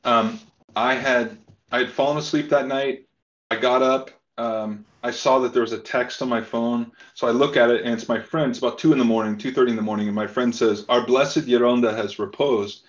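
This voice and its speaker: A man, a podcast guest, telling a personal story in a casual, halting way with lots of fillers and restarts. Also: mid-range voice, fairly even intonation. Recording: slightly dull lo-fi sound.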